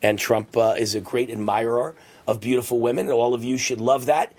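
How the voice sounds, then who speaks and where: A middle-aged man hosting a radio and TV talk show, boastfully telling stories and acting out shouts in a husky voice. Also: level tone, fairly quick. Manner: boastful storytelling, acts out shouting with rising pitch. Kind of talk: conservative talk radio monologue.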